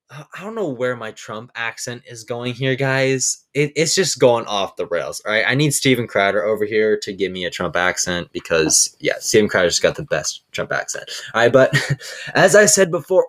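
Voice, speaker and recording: Man, mid pitch, casual enthusiastic commentator, keeps saying all right. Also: animated, moderate pace. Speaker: host of political commentary show. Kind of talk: casual commentary over clips.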